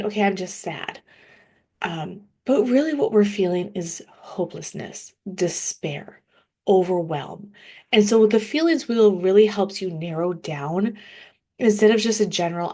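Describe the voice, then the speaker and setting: A woman's voice: mid-range voice, a little mellow. A woman in her thirties, a grief coach, talking casually and earnestly to listeners, encouraging them with many fillers and restarts. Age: 30s. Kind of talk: casual solo talk.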